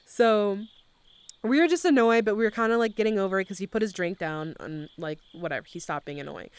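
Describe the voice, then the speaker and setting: A woman's voice: medium pitch, expressive, moderate pace, clear, resonant tone. A young woman live streamer in loose, casual chat. She tells stories animatedly, swears freely, and scatters filler words through every sentence.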